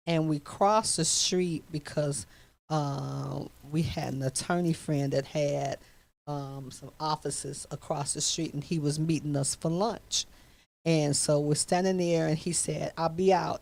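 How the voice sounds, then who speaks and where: A woman, hosting a radio talk show, tells a story in casual chat and acts out the voices in it. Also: on the low side. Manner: animated, laughing, acts out quoted voices.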